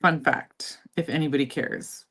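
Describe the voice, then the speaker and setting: A woman with a notably low voice chats with her viewers on a livestream. She sounds relaxed and easygoing, talking straight to the audience and calling them y'all. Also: a little slow, breathy edge. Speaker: livestream host. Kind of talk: casual livestream chat.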